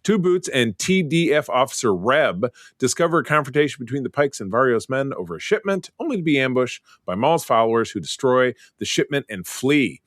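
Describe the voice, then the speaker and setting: Lively, chatty man podcast host. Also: mid-range voice, a little fast, hardly any pauses, no echo, studio quality. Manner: animated, chatty, reads plot summary with asides. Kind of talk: casual chat recapping episodes.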